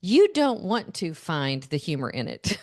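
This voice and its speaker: Woman, 40s, solo podcast host; lively storyteller with easy laughs, close dry mic. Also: low voice, a little slow, dry recording. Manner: animated storyteller, laughs often. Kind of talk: casual solo podcast talk.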